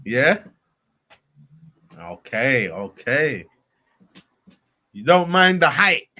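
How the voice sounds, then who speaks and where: A laid-back man keeps the chat going with questions. His voice sits at an ordinary middle pitch. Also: sing-song, very slow, pushed and bright. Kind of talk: casual chat.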